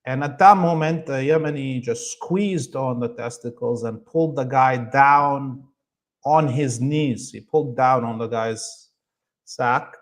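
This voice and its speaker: A middle-aged man, a guest in an interview, telling a story in an emphatic, animated way with many fillers and restarts. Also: medium pitch, a little slow.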